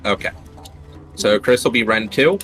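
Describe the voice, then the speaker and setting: A man from Ohio leading a game raid over voice chat, giving clear instructions and laughing easily. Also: on the low side, normal speed, a bit bright, faint music behind, rough recording. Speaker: raid leader. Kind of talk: gaming voice chat.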